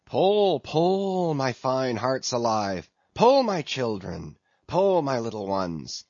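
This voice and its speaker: A man's voice: on the high side, very animated, takes it slowly, slightly rough, no echo, highs cut off, pitched above the performer's own voice, full character voice. Man doing a drawling, coaxing whaling mate.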